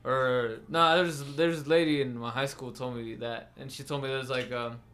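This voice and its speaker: A man's voice: mid-range voice, steady tone, moderate pace, a bit bright, slight background noise. A young man co-hosting a podcast in casual chat, profane and joking, laughing often. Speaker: podcast co-host.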